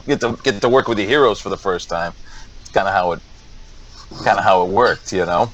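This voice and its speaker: A man co-hosting a podcast, explaining things in a calm, conversational way. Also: lowish voice, brisk, lo-fi sound. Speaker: podcast co-host. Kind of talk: casual podcast chat.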